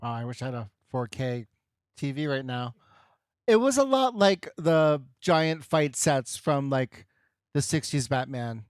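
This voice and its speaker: A man's voice: mid-range voice, expressive, a little slow, clean tone, no echo, studio quality. A man talking casually and in a laid-back way about a movie on a podcast. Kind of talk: casual film discussion.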